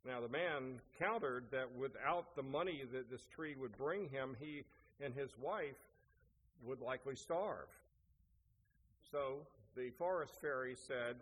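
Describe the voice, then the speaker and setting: A man's voice: medium pitch, unhurried, a bit bright. A man preaching a sermon as pastor, telling a story and asking rhetorical questions. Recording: echoey hall, faint noise.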